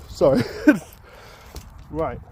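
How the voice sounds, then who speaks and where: A man's voice: on the high side, big pitch swings, drawn-out words, a little hiss or hum. A man chatting upbeat to viewers while he works outdoors in a field. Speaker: metal detecting vlogger. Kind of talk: casual outdoor vlog commentary.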